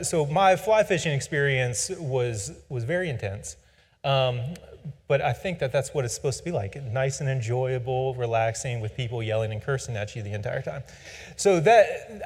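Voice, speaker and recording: A man in his forties tells a personal story in a casual, rambling way. He pokes fun at himself in an average-pitched voice. His voice trails off into a long reverb. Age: 40s. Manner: rambling, self-deprecating, humorous.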